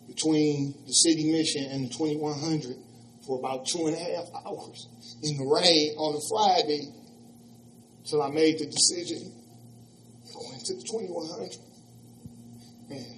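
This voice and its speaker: A man in his fifties speaks at a live teach-in in a church hall, telling his own story as personal testimony. His voice sits a bit high for a man, and he replays both sides of old conversations in a raised voice. Faint background noise runs under the talk. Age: 50s.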